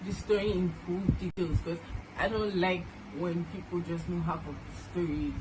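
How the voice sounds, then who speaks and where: A Nigerian-accented woman in her twenties speaks to the camera about her family, telling the story haltingly and earnestly with many restarts. Her pitch is fairly low and her tone steady, against noisy room ambience.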